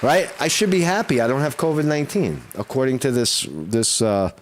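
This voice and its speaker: A man who is sick with the flu, with a rough throat, rambling and swearing in a casual live-stream monologue and often asking "right?". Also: medium pitch, expressive, normal speed, slight background noise. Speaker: vlogger.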